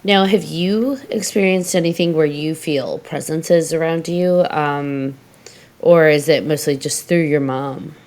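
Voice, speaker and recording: A woman's voice: low-pitched, measured pace, a little mellow. A woman hosting a podcast in casual chat, playful, asking her guest follow-up questions. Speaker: podcast host.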